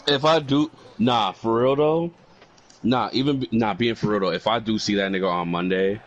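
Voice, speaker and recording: A man's voice: on the low side, moderate pace, muffled recording. A man co-hosting a casual wrestling podcast, joking and teasing. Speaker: podcast co-host.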